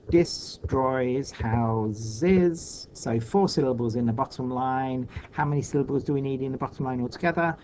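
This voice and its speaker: A man teaching children in a recorded online lesson, thinking aloud patiently with many pauses and fillers. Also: mid-range voice, vocal fry, dark tone, slight background noise, rough recording.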